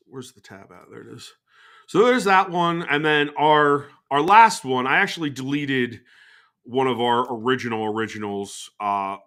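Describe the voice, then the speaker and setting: A man's voice: mid-range voice, pushed and bright. A man hosting a podcast in loose, rambling casual chat, swearing freely. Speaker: podcast host.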